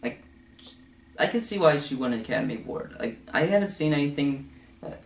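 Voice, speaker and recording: A young man giving a casual, rambling film review full of fillers and asides, now and then slipping into quick mocking voices. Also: on the high side, lively intonation, creaky, slight background noise. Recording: echoey room.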